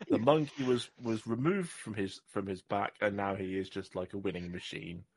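Rambling podcast host, fairly low. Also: male voice, moderate pace, slightly rough. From Southwest England. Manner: rambling, jokey, trips over words. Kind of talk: casual chat.

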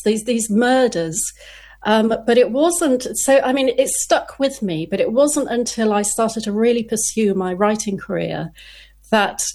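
A woman's voice: medium pitch, darkish tone. A woman crime novelist talking casually in an interview, chatty, often restarting her sentences and laughing.

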